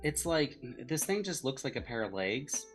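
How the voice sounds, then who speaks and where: A man talks in a loose, rambling way as he sketches, stopping to hunt for words and restarting his sentences. His pitch sits in the middle, and faint music plays behind him. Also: big pitch swings, normal speed. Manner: rambling, hesitant, many ums and restarts. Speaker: comedy show co-host drawing live. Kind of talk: casual chat while drawing.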